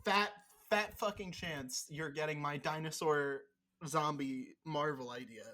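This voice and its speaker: Bright voice, podcast co-host, rambling casual chat, teasing, swears freely. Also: mid-range voice, unhurried.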